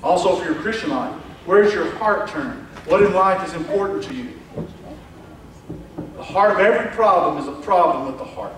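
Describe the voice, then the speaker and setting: Pastor guy preaching, kinda high voice, lots of echo, mic sounds far off. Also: normal speed, a little hiss or hum. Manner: animated, acts out quoted voices, swings from loud to hushed. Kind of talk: sermon. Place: church sanctuary. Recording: echoey church hall from far off.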